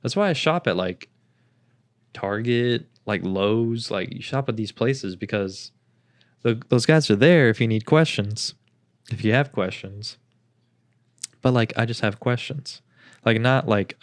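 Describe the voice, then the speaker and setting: A man's voice: mid-range voice, measured pace, no room sound. A young man co-hosting a podcast, telling rambling stories in casual chat, swearing freely and mimicking the people he talks about. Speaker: podcast co-host.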